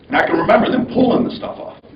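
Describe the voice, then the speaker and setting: A man giving a commencement speech as a conversational, animated story in a large hall, recorded from a distance. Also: sits high, fast, very noisy. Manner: animated, conversational, mimics the voices of others. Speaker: commencement speaker. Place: large hall at a graduation ceremony. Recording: dull, roomy sound from far off.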